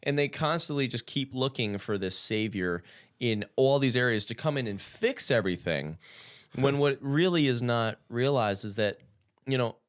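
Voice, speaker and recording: A man hosting a casual podcast chat, talking bluntly and swearing a lot, getting loud and animated as he tells stories. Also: mid-range voice. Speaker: podcast host.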